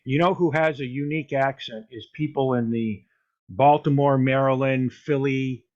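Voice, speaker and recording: A man's voice: medium pitch, fairly even intonation, normal speed, darkish tone, muffled recording. A man hosting a casual radio chat, talking in an easygoing way and chuckling between points. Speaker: radio host.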